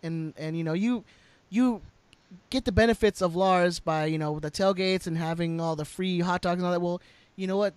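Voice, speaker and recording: A man's voice: high voice, moderate pace, clear, resonant tone, no room sound. A man co-hosting a casual podcast chat, rambling with repeated words and fillers.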